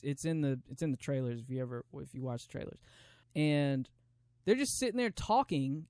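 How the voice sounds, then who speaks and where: A man's voice: fairly high pitch, a little mellow, clear, resonant tone, dry recording, clean studio sound. A man hosting a solo podcast, rambling through a casual movie review with many fillers and restarts. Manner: rambling, filler-heavy, lots of "you know what I'm saying". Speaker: podcast host.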